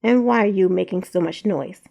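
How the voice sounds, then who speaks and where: A woman voicing a gruff, bossy old male terrier dog who owns a shop, in a read-aloud story. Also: on the low side, moderate pace, warm tone.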